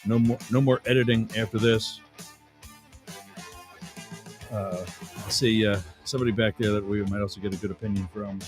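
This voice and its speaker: A man's voice: on the low side, steady tone, fast talker, music in the background. A middle-aged man hosting a radio talk show, rambling and chatty, often interrupting himself with fillers.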